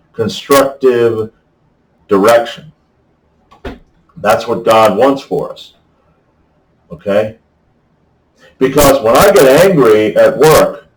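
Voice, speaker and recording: Unhurried man with a rambling, folksy Bible talk, recorded off-mic in a roomy space. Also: mid-range voice, distant mic. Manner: rambling, folksy, keeps asking "okay?". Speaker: faith vlogger. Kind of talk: casual Bible talk to camera. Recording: echoey room, voice off-mic.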